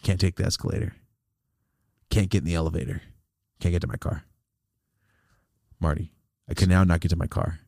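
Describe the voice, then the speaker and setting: A man's voice: sits low, brisk, creaky, long pauses, dry recording, clean studio sound. A man casually telling a rambling, profane story as a podcast host, acting out the quotes. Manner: profane, rambling, animated retelling with acted-out quotes.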